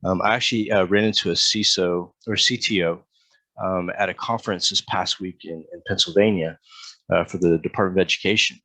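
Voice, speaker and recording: A man's voice: sits low, fairly even intonation, fairly quick, pushed and bright, no echo. A man hosting a podcast, talking casually and earnestly, often repeating words as he starts a sentence. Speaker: podcast host. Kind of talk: casual interview chat.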